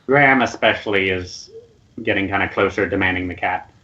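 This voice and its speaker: A man narrating as game master of an online tabletop game, explaining calmly. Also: sits low, a little fast, muffled recording.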